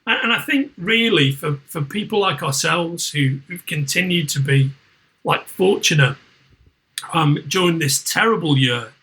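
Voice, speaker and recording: Bright-voiced Liverpool man rambling. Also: a little high, expressive, unhurried, rough recording. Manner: rambling, restarts often, swears freely. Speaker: podcast host. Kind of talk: casual chat.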